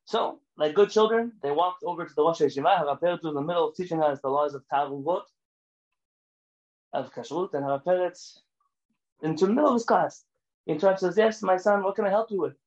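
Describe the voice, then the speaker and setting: A man with a fairly high voice gives a rabbi's lecture full of stories. He speaks in an animated, emphatic way and sometimes pushes close to a shout. The recording is dull and lo-fi. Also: fairly quick. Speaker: rabbi teaching a class. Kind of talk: lecture with storytelling.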